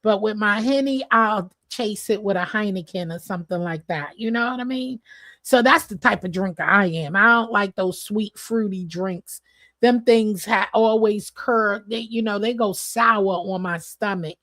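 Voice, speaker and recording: A woman hosting a casual livestream chat with her viewers, expressive and chatty, laughing often and swearing casually. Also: medium pitch, moderate pace, dry recording. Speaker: livestream host.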